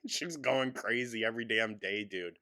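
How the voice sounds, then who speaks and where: A man's voice: medium pitch, pushed and bright. A man hosting a mocking reaction commentary, sarcastic and snarky, often breaking into laughter. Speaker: commentary host.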